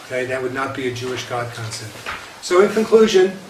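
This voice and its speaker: A man's voice: medium pitch, animated, a little fast. A man, a rabbi, giving a lecture with light humor, talking conversationally and often checking in with "okay?" and repeating himself. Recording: roomy echo, distant mic, faint hiss.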